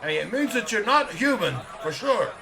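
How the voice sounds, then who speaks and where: A man doing a loud, high-voiced village guard. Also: very animated, fairly quick, vocal fry, full character voice. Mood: suspicious. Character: gruff small-town male village guard.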